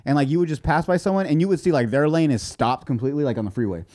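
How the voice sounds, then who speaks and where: A man co-hosting a podcast, chatting casually and telling rambling, animated stories full of fillers. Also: a little high, rapid-fire. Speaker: podcast co-host. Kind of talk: casual chat.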